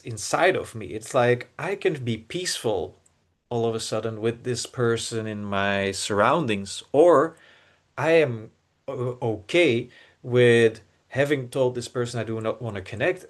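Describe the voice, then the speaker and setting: Man co-hosting a podcast, earnest, halting restarts, middle pitch. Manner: earnest, searching, many restarts and repeated words. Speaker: podcast co-host. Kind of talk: reflective casual podcast talk.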